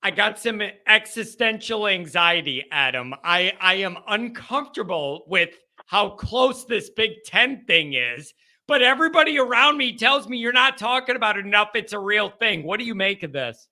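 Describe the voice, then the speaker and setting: A man hosting a call-in show, chatting casually and telling stories in an animated way. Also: high-pitched, moderate pace. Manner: animated, talkative storyteller. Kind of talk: casual chat.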